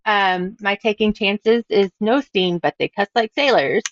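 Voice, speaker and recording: A woman's voice: medium pitch, measured pace. Bubbly chatty woman, muffled sound. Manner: bubbly, chatty, laughs at her own stories. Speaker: author guest. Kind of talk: casual podcast chat.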